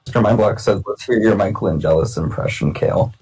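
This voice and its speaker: Brief: very deep husky man relaying chat messages. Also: fast talker, darkish tone, poor audio. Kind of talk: reading out viewer comments.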